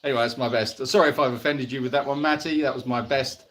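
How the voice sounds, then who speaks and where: A man's voice: medium pitch, fairly even intonation, fast, fairly bright tone. A man co-hosting a casual live Q&A stream outdoors at an animal sanctuary, jokey and teasing as he reads out viewer comments.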